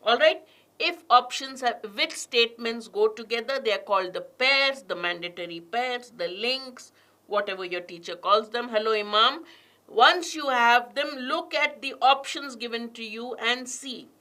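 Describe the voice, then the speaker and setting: A woman leads an online exam prep lesson. Her voice is bright and a little high. She reads passages slowly and deliberately, leaning hard on linking words, then turns to quiz her students. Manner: reads passages aloud with strong stress on linking words, asks the class questions. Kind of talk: online class lecture.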